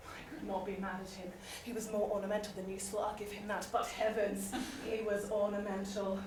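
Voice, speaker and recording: A woman's voice: mid-range voice, level tone, a little fast, hardly any pauses, darkish tone, a little hiss or hum. A young woman performing a comic period monologue, theatrical and giggly, playing every part herself. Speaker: drama student performing a monologue. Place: rehearsal room. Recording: echoey room, mic far off.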